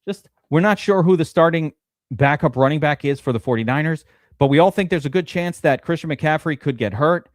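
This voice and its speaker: A man hosting a live-stream fantasy draft, talking in an excitable, rambling way and swearing often. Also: fairly high pitch, a little fast, no room sound, clean studio sound. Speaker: streamer host.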